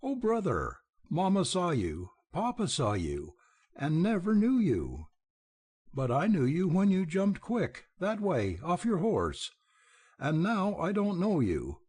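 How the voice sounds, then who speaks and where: A man's voice: fairly high pitch, huge pitch swings, takes it slowly, darkish tone, breathy edge, voice pushed up, heavily acted. A man voicing a young woman overjoyed to see her brother, speaking in breathless exclamations in an audiobook reading. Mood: joyful.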